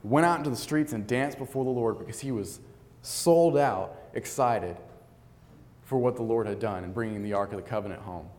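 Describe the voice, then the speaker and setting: A man's voice: medium pitch, brisk, darkish tone, in a large hall. A man preaching a sermon, reading scripture aloud and telling stories in an earnest, conversational way.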